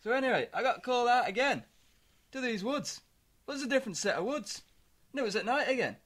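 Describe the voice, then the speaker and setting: Man, high pitched, very lively intonation, rambling comic storyteller. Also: fast talker. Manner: rambling, deadpan anecdote telling with stammered restarts. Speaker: podcast co-host.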